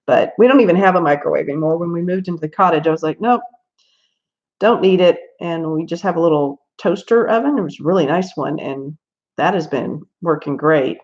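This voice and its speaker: A woman's voice: fairly low pitch, lively intonation, moderate pace, darkish tone. A Southern American woman hosting a casual coloring livestream, chatting and telling stories with lots of laughs and asides. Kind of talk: casual chat while coloring. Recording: slightly dull lo-fi stream audio.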